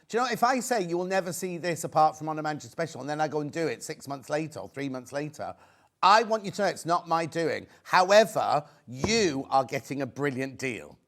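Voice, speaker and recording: Guy on a shopping channel, bit high voice, rambling and worked up, begging folks to buy. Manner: excitable, rambling, pleading with viewers. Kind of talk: live home-shopping sales pitch. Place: TV studio.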